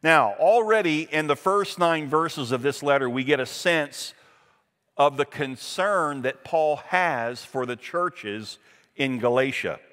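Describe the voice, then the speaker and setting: A man's voice: on the high side, animated, takes it slowly, fairly bright tone, long reverb tail. A man preaching a Sunday sermon as pastor, reading scripture aloud and stressing points with emphasis.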